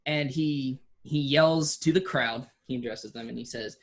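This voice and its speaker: Game master, tabletop narration, slow, halting, mid-pitched. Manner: unhurried, full of ums and restarts.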